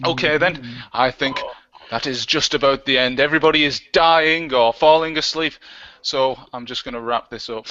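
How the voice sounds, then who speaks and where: A man's voice: mid-range voice, moderate pace, sharp tone. A man hosting a casual live-stream group chat, jokey and chuckling as he wraps the show up. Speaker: host. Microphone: online voice chat. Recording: muffled lo-fi voice chat.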